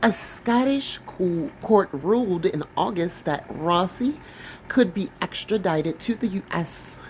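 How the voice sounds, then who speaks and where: A woman's voice: lowish voice, expressive, takes it slowly, darkish tone, slight background noise, low-quality recording. A woman reading a news article aloud and breaking off for blunt, sassy comments of her own, sometimes stumbling over words. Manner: blunt, sassy commentary between read passages. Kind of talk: reading aloud with casual asides.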